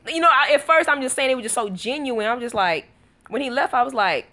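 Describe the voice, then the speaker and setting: A woman's voice: high voice, animated, fairly quick, bright, forceful tone. A woman chatting casually to her viewers at home, tired after a night of little sleep, telling a story in a loose, conversational way and calling her audience y'all. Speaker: vlogger.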